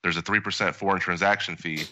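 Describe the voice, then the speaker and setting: A man co-hosting a casual podcast, wry and matter-of-fact. His voice sits low with a forceful edge. It is recorded dry, with a slightly dull, lo-fi sound. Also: steady tone, quick pace, no echo. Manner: wry, lists details matter-of-factly. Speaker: podcast co-host. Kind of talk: casual chat.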